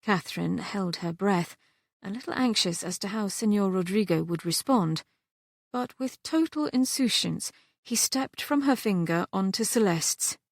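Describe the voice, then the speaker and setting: A woman narrating a historical romance audiobook in a gentle, even storytelling manner. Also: medium pitch, measured pace, vocal fry, dry recording, studio quality. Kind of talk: scripted narration.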